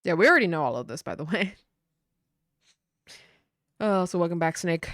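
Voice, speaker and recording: A woman's voice: on the low side, animated, moderate pace, fairly bright tone, no echo, studio quality. Chatty woman streaming a game. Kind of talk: casual gaming livestream chat.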